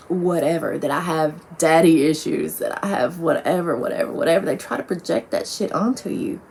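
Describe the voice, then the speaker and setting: A woman's voice: sits low, creaky, a little hiss or hum. A woman talking bluntly and profanely in a rambling casual monologue, with lots of "like"s. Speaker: vlogger.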